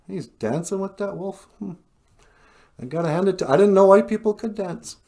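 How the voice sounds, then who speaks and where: A man voicing a joking, excited group of Native men in a comic retelling. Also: normal speed, lightly acted. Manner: high, excited, jokey exclamations.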